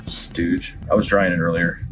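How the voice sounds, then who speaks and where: A man's voice: low-pitched, flat delivery, a little slow. A man chatting casually and joking while he draws, rambling and cutting into his own sentences. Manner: rambling, joking, self-interrupting, laid-back. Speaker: artist making a drawing video. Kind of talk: casual chat while drawing. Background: faint guitar background music.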